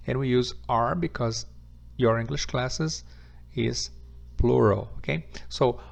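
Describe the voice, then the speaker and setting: Gravelly-voiced male English teacher. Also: mid-range voice, lively intonation. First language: Portuguese. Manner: patient, repeats example sentences slowly. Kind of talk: online English grammar lesson.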